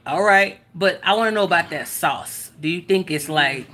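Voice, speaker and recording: A woman's voice: on the low side, normal speed, slight background noise. A woman hosting a cooking livestream in casual, teasing chat, reading out viewer comments as she goes. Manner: lively, teasing, reads viewer comments aloud. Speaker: cooking show host.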